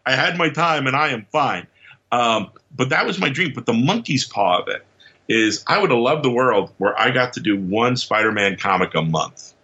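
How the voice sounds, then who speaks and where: A man guest on a podcast, telling stories in an animated, casual way, acting out quotes and laughing often. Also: medium pitch, normal speed, muffled recording. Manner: lively storyteller who acts out quotes and laughs often. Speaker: podcast guest, comics writer.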